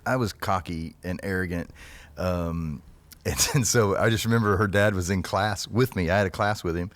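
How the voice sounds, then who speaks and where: A man telling stories from his past in a casual podcast chat, chatty and quick to laugh. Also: low-pitched, fairly bright tone, dry recording.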